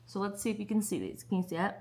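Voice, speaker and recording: A woman's voice: medium pitch, sing-song, rapid-fire, warm tone. A young woman chatting casually in a book vlog, bubbly and giggly. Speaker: book vlogger.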